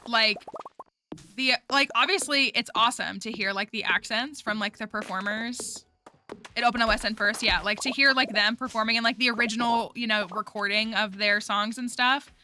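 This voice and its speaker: Bright-voiced woman rambling with "like". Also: a little high, clean tone, no echo. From United States. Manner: rambling, heavy use of "like" fillers. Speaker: gaming streamer. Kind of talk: casual chat while playing a game. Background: game music.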